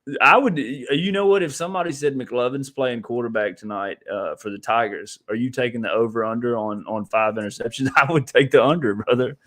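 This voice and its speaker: A man's voice: medium pitch, a little fast, a bit bright. A man co-hosting a casual sports podcast, rambling with frequent restarts and laughter. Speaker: podcast co-host.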